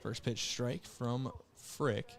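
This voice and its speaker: A young man announcing a live baseball game from a press box, calling each pitch briskly and correcting himself on the fly. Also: fairly even intonation, vocal fry. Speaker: play-by-play announcer. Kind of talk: live radio and TV baseball commentary. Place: press box behind a window.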